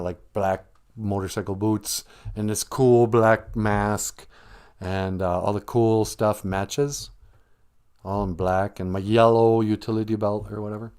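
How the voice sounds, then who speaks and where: A man's voice: fairly low pitch, a little mellow, smooth, natural voice. A man voicing a smug, self-pitying rich hero who brags and keeps bringing up his own loss, in a comic spoken retelling. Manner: boastful, oblivious, talks up his own sad past.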